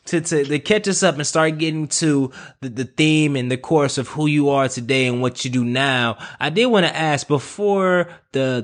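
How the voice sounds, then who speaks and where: A man hosting a podcast interview, friendly and jokey, laughing along with his guest. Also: mid-range voice. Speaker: podcast host. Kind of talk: casual interview talk.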